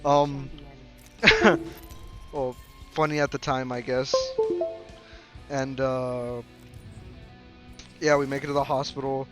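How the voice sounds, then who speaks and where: A man's voice: mid-range voice, flat delivery, takes it slowly, pauses often. Young male storyteller, mid-range voice, loose rambling delivery over background music. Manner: rambling, full of fillers and restarts. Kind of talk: casual story time.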